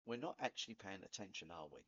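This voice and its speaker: Chatty Cockney man, lively, husky. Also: sits low, quick pace, highs cut off. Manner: chatty, rambling, laughs at himself. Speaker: vlogger. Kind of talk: casual spoken talk to camera.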